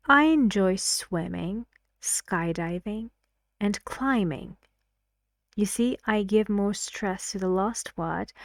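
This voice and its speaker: A woman teaching an English pronunciation lesson, speaking slowly and clearly and reading example sentences aloud. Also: mid-range voice, darkish tone, no room sound, studio quality.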